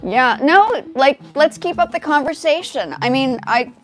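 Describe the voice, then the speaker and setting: Young woman, light South African accent, slightly high voice, rambling live-stream chat with faint music underneath. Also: expressive, a little slow. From half South African, now living in the States. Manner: chatty, hesitant, restarts often, reads viewer comments aloud. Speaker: livestream host, music composer. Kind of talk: casual livestream chat with viewers. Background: her music track playing faintly.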